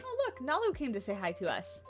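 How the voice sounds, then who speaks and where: A woman's voice: fairly high pitch, wildly swooping pitch, brisk, music in the background. A woman livestreaming a game from her home office, chatting casually and cooing at her dogs. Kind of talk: casual livestream commentary while playing. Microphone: USB condenser desk mic.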